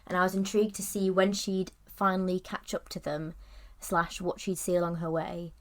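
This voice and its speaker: A woman's voice: fairly low pitch, level tone, moderate pace. A young woman co-hosting a podcast, chatting casually about a film with lots of "like" and "kind of" and frequent giggles. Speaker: podcast co-host. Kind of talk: casual film review chat.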